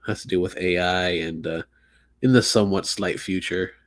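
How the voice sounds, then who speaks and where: A man hosting a podcast in casual chat, excitable and profane, rambling with frequent restarts. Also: low voice, moderate pace. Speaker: podcast host.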